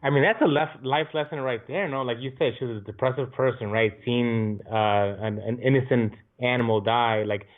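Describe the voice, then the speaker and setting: A man's voice: medium pitch, fairly even intonation, a little fast, hardly any pauses. A man chatting casually as a podcast guest, easygoing and prompting the host with questions. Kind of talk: casual chat. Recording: tinny phone-like line.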